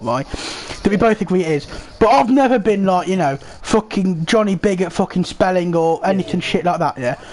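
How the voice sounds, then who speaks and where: Young man, high voice, swings widely in pitch, sweary, rambling casual chat. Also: darkish tone. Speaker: host. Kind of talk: casual chat while playing a football game.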